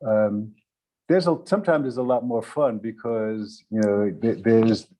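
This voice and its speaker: Male actor on a panel, low voice, slow and searching delivery. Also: warm tone, rough recording. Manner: slow, halting, many restarts. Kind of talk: unscripted panel answer.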